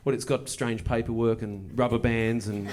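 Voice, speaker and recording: A male stand-up comedian. He tells a long story on stage with dry, deadpan timing and then climbs into excited bursts. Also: medium pitch, moderate pace, crowd noise. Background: audience laughter.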